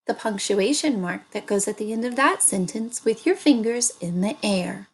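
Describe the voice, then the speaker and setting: A woman teaching an early reading lesson, speaking slowly and sounding out words for young children. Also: mid-range voice, lively intonation, husky.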